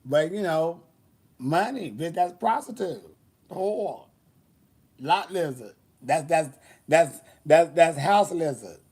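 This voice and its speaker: A man's voice: fairly high pitch, animated, slow, a little mellow, husky. Sassy, bawdy man telling stories. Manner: sassy, bawdy, laughs often, theatrical asides. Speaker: host. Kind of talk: casual storytelling chat.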